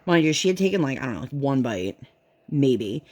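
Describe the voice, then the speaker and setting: A woman's voice: rumbling low, sing-song, a little fast, a little mellow. A woman vlogger and mother chatting casually while she works on a craft, rambling and leaning on "like" a lot. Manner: rambling, chatty, heavy use of "like".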